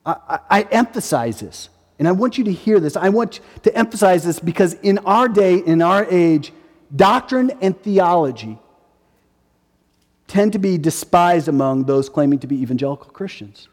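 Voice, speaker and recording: Man in his forties, pastor's sermon, emphatic, repeats himself, fairly high voice, long hall reverb. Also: animated, moderate pace, darkish tone. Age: 40s. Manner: emphatic, repeats key phrases.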